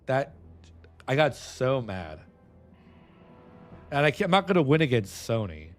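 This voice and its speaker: A man's voice: mid-range voice, big pitch swings, unhurried, faint music behind. Rambling streamer guy. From San Antonio, Texas. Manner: rambling, restless, swears freely. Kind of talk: casual stream chat.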